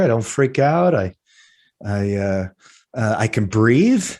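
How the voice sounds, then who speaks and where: Animated storytelling man, podcast co-host. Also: on the low side, slow pace. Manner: animated storyteller, acts out his own panicked lines. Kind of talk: casual podcast chat.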